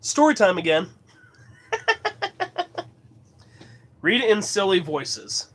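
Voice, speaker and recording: A man's voice: high voice, sing-song, slow, fairly bright tone. A man from Colorado chatting casually as host of his livestream, rambling and laughing often. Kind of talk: casual chat.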